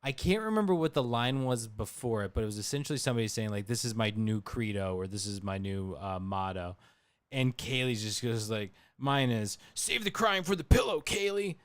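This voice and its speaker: A man co-hosting a casual movie discussion podcast, animated, often trailing off and restarting. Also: fairly low pitch, brisk, clear, resonant tone, dry recording. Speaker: podcast co-host.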